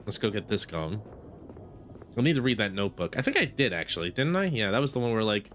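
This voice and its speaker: A man's voice: on the low side, sing-song, fast talker, fairly bright tone. A man giving casual gameplay commentary with a playful, mock-grumpy manner. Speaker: gaming video creator.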